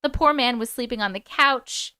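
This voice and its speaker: A chatty woman hosting a livestream, with a voice pitched a little higher than most. She reads stories out and answers viewer comments as they come in. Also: moderate pace, sharp tone, clear, resonant tone. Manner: chatty, talks back to viewer comments, sings snatches of songs. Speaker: host reading viewer stories. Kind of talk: casual livestream chat and story reading.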